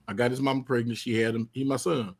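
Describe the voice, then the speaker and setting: A man hosting a casual streamed talk show, telling profane stories in an animated way that swings up to loud outbursts. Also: mid-range voice, fast talker, vocal fry. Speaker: podcast host. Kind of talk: casual chat.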